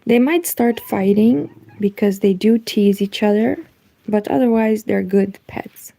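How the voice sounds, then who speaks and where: A native Romanian speaker from Eastern Europe, with a Romanian accent, chats softly on a late-night knitting livestream from home, reading the chat aloud. Her mid-range voice is gravelly and nearly gone, and she speaks at a measured pace.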